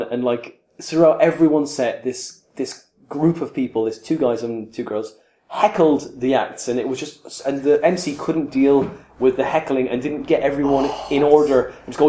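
A man's voice: mid-range voice, reverberant. A man who is a stand-up comedian, telling a story in casual chat with lots of swearing and acted-out scenes. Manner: animated storyteller, swearing, acts out scenes loudly.

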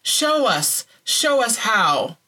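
A woman reading the part of a devout, serene older sister who speaks gently and matter-of-factly. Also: on the high side, very animated, extremely slow, pitched above the performer's own voice, exaggerated voice. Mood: prayerful. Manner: gentle, matter-of-fact, quietly insistent.

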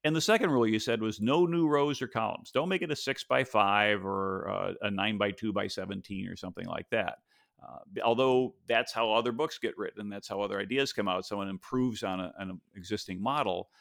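Over a video call from a home office, a podcast host with a lowish, fairly bright voice and vocal fry talks briskly in a casual conversational discussion. He is thoughtful but rambles a little, using fillers and restarts, and the sound is clean studio audio with no room sound.

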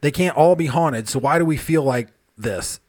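A man's voice: on the high side, moderate pace, a little mellow. A man hosting a paranormal podcast, reading listener emails in a loose, joking way, swearing casually and sipping a beer. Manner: loose, joking, swears freely, drinks beer while talking.

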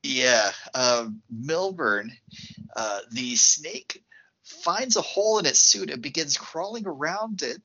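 A man co-hosting a podcast, chatting casually about films in an expressive, reactive way. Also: a little high, husky. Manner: expressive and reactive, quick asides. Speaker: podcast co-host. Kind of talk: casual film discussion. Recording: slightly muffled lo-fi podcast audio.

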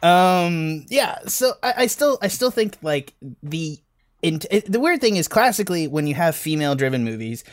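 A man's voice: on the high side, sing-song, normal speed, dry recording, clean studio sound. A man chatting casually as a podcast film reviewer, rambling and self-deprecating with many restarts.

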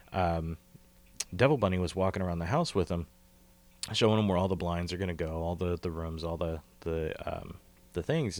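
A man co-hosting a podcast in casual, rambling chat, swearing and laughing easily. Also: sits low. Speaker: podcast co-host. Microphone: call recording.

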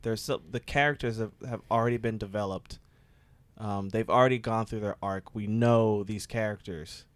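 At normal speed and with no room sound, this man keeps a steady tone through a rambling, casual podcast chat packed with "like" fillers. His pitch shoots up whenever he gets exasperated about a TV show.

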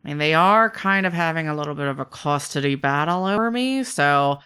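A woman voicing a mischievous male trickster spirit who talks in a playful, drawn-out, chatty way. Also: sits low, expressive, pushed and bright, clear, resonant tone. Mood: dismissive. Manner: teasing, drawn-out, chatty with trailing fillers.

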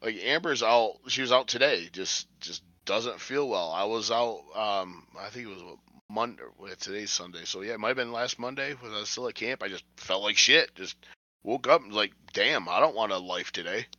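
Brief: low-pitched male co-host, loose and rambling, dry lo-fi sound. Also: normal speed, pushed and bright, no room sound. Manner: loose, rambling, casual swearing. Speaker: podcast co-host. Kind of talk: casual podcast chat.

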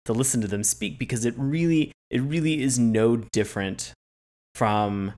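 A man's voice: mid-range voice, normal speed, darkish tone. Playful, effusive male podcast co-host. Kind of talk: casual podcast chat.

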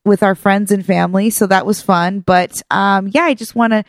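A woman's voice: mid-range voice, normal speed, no room sound. Chatty woman laughing, dry sound. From Persian family. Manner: laughing often, animated storytelling. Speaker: podcast co-host. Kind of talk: casual chat.

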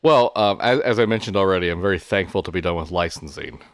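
A man co-hosting a podcast, speaking casually and haltingly with many fillers. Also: low-pitched, no echo, studio quality. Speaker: podcast co-host. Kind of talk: casual chat.

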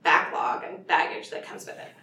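A woman talks casually about her books, chatty and quick to laugh, with many restarts. Her voice sits a little back from the mic in a roomy space with faint background noise. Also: pushed and bright, recorded from a distance. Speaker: author guest. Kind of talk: casual conversation.

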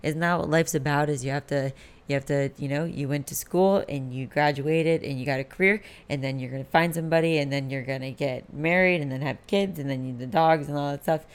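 A woman's voice: deep voice, brisk, clean tone. A woman in her late twenties hosting a candid, rambling late-night solo podcast, swearing freely. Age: late 20s. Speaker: podcast host.

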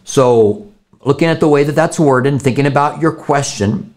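A man speaking as a pastor, working through questions from viewers one at a time. His voice sits at a middle pitch, and he talks in an earnest, conversational way, restarting and repeating words to press a point. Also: normal speed, darkish tone. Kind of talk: live question-and-answer teaching.

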